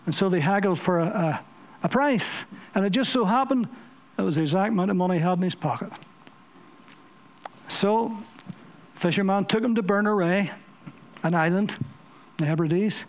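A man preaching a sermon in a high voice. He tells his stories vividly, repeating words and phrases for emphasis as he builds them up. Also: moderate pace, long pauses. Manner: vivid storytelling with emphatic repetition.

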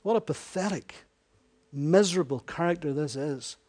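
A man's voice: fairly high pitch, normal speed, darkish tone. A man preaching a sermon in a conversational way, often correcting himself and voicing scripture as dialogue.

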